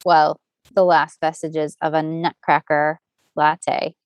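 A woman's voice: sits low, flat delivery, takes it slowly, no echo. A woman co-hosting a podcast in casual chat, talking in a chatty, meandering way with many restarts. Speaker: podcast co-host.

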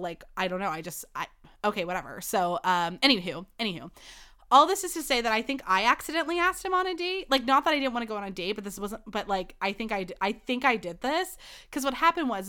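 A woman's voice: medium pitch, sharp tone, clear, resonant tone. A young woman hosting her own podcast, chatting on her own in a rambling, flustered way with lots of "like.". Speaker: podcast host. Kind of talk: solo podcast chat.

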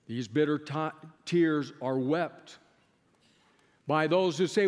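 A male preacher giving a sermon, swinging between loud rising questions and hushed, near-whispered lines. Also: a little high, takes it slowly, long pauses, in a large hall.

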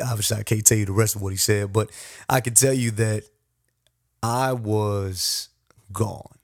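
A man hosting a podcast, telling a personal story with animated, repetitive, self-deprecating motivational talk. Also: fairly low pitch, a little slow, no echo, studio quality. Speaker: podcast host.

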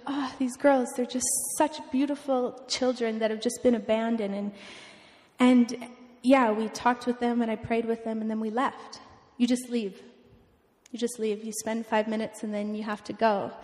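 Young woman sharing a heartfelt mission story, earnest and halting, echoing hall. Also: a little high. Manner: emotional, earnest, halting with restarts. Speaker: mission testimony speaker. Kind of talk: personal testimony talk. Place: church event hall. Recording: long hall reverb.

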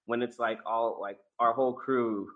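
A man's voice: mid-range voice, steady tone, moderate pace, phone-quality sound. A man co-hosting a casual podcast chat, playful and laughing as he tells stories. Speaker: podcast co-host.

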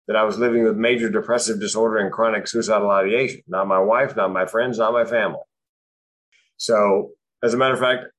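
A male comedian and speaker tells personal stories about his depression, using dry timing built around punchlines. His voice is fairly low in pitch and a bit bright.

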